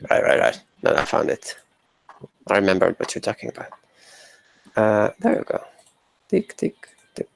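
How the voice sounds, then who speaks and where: A man's voice: sits low, huge pitch swings, creaky, slight background noise, low-quality recording. A man playing a tabletop game, talking casually and stammering as he works out his move. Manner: halting, stammering. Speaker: player.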